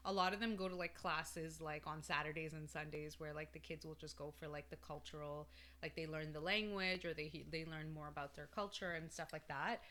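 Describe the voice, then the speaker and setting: A woman with a low, bright voice co-hosting a relaxed podcast conversation. She rambles freely and fills her sentences with "like" and "you know". Her talk stays loose and unscripted. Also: fairly quick. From Canada. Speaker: podcast co-host. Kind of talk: casual chat.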